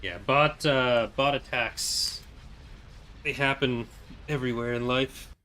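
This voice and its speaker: A man's voice: medium pitch, steady tone, takes it slowly, pushed and bright. A man giving casual, chatty gameplay commentary with wry, jokey asides, talking into a desk mic. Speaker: gaming YouTuber.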